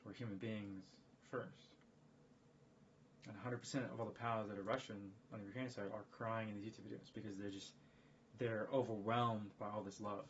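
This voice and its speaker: A man's voice: lowish voice, flat delivery, fairly quick. A man talking in a casual live-stream monologue, rambling and emphatic, often repeating himself. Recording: dull lo-fi stream audio with faint background noise.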